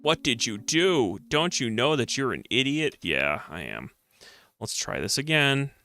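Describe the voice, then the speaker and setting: A man's voice: medium pitch, sing-song, normal speed, vocal fry, bright, forceful tone, dry recording, faint music behind. A man streaming a retro adventure game, reading its text aloud and mocking himself with jokey outbursts.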